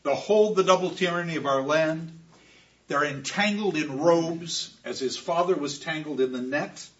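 A man giving a classroom lecture, expressive, with emphatic repetitions. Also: a little high, normal speed, far from the mic, lo-fi sound.

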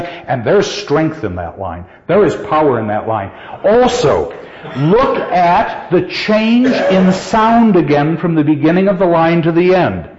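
An older man teaching a poetry class, reading verse aloud with slow, emphatic stress and putting questions to his students. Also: sits high, big pitch swings, darkish tone. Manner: asks the class questions and answers them. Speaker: literature teacher. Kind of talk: classroom lecture. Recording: dull, lo-fi sound with long hall reverb.

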